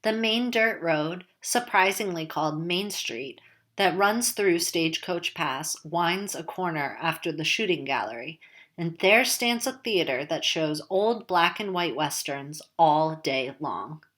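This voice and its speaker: Woman narrator, lowish voice, casual wry audiobook read. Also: expressive, a little slow, a bit bright. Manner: casual, wry, conversational storytelling. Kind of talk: first-person novel narration.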